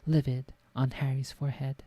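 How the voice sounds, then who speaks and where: A woman's voice: extremely low pitch, little pitch movement, normal speed, warm tone, dry recording. A woman streamer reading a book aloud in a casual way, swearing at her own slips. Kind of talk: casual read-aloud narration.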